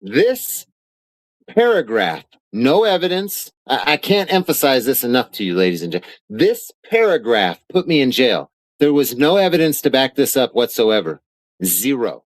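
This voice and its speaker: Speaking at normal speed, a medium-pitched man swings widely in pitch; the audio is poor with no room sound. He's ranting on a live stream from his home studio, indignantly denying claims, swearing a lot, and reading arrest papers aloud.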